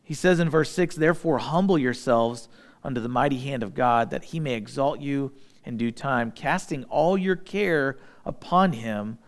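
A pastor preaching a sermon, reading scripture verses and explaining them in plain, folksy asides with light humor. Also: male voice, mid-range voice, normal speed.

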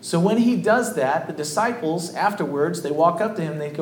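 A man's voice: on the high side, animated, brisk, reverberant. A man, a pastor, preaching a sermon in a conversational, storytelling way to a congregation.

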